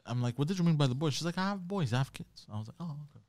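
Animated man telling a sheepish story. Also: fairly high pitch, rapid-fire, no room sound, clean studio sound. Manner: rambling, a bit sheepish, laughs often. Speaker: podcast co-host. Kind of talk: casual podcast storytelling.

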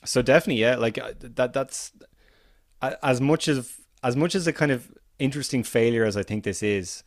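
A man with an Irish accent hosting a film podcast, animated and opinionated, often restarting his sentences. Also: mid-range voice, brisk, dry recording, studio quality. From Ireland. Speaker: podcast host. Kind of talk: casual film podcast chat.

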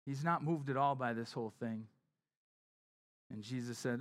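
A man preaching a sermon as pastor, talking conversationally and acting out the people in the story. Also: normal speed. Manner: conversational, acts out quotes with shifting pitch and volume.

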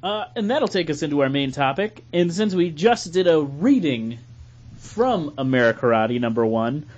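A man's voice: on the high side, expressive, moderate pace, muffled recording. A man hosting a podcast, bantering loosely and laughing with friends. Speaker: podcast host. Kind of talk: casual podcast chat.

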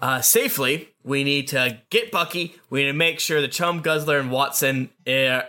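Man, tabletop player, bright clear tone, casual cursing banter. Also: medium pitch, normal speed. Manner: joking, swears freely, offhand.

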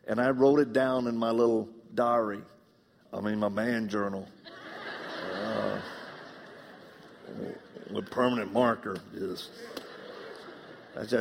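A man's voice: fairly low pitch, steady tone, unhurried, creaky, long pauses, big-room sound, noisy background. A man with a Southern US accent preaching a live sermon, telling funny stories and acting out dialogue. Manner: humorous storytelling, acts out dialogue. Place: church.

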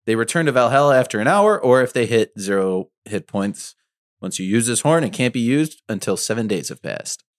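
A man's voice: mid-range voice, a little fast. A man from the northern US playing a tabletop game, chatting casually and reading item descriptions aloud. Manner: relaxed, reads item text aloud with laughs. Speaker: player.

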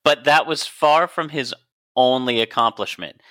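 Playful, bright-voiced man explaining facts. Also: mid-range voice, unhurried. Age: adult, a doctor. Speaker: podcast co-host. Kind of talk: casual podcast chat.

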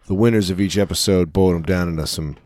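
Deep-voiced guy chatting. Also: steady tone, fast talker, darkish tone. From United States. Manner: jokey, rambling, laughs often. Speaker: podcast co-host. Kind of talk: casual chat.

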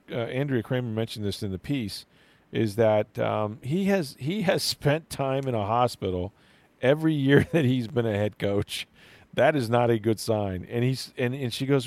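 A man's voice: medium pitch, lively intonation, moderate pace, gravelly, darkish tone, no room sound. Chatty sports-talk man, dry studio sound. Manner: chatty, rambling, many fillers and restarts. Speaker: sports radio host.

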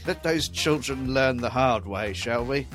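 A man's voice: mid-range voice, animated, unhurried, over music, voice pushed up, natural voice. Man doing a prim old-fashioned Englishman. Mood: disapproving. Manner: prim, mock-disapproving tone. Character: stuffy old-fashioned English man scolding his wife.

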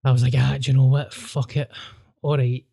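A Scottish man with a Glaswegian accent, hosting a podcast and telling a wild story in an animated, sweary way, acting out voices. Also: medium pitch, brisk, vocal fry, husky. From Scotland. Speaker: podcast host. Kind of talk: casual storytelling chat.

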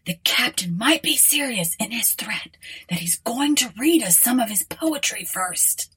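A woman's voice: a little high, animated, a little slow, pushed and bright, breathy edge, pitched above the performer's own voice, full character voice. A woman voicing a breezy, unflappable male alien traveler in an audiobook, with an offhand, matter-of-fact delivery. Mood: grim.

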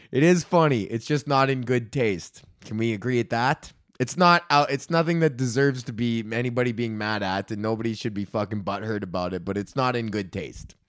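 A man's voice: mid-range voice, fairly bright tone. A man hosting his own podcast in a casual ranting monologue, swearing constantly, rambling and laughing often. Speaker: podcast host.

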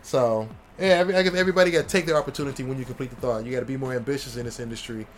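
A middle-aged man who works as a comic artist, talking casually in a rambling, profane, animated way. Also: medium pitch, racing, slight background noise. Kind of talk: casual chat.

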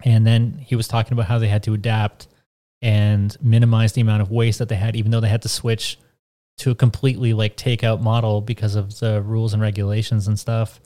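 A North American man co-hosts a casual podcast chat, telling rambling stories packed with fillers. His voice is lowish, warm, and level, and he speaks briskly.

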